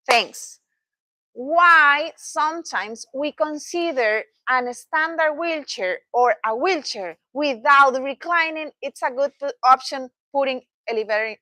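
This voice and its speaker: Slow, emphatic woman trainer. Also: high voice, pushed and bright, no echo, rough recording. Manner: slow, emphatic teaching with playful asides and laughs. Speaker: physical therapy trainer. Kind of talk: hands-on training session. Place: training room.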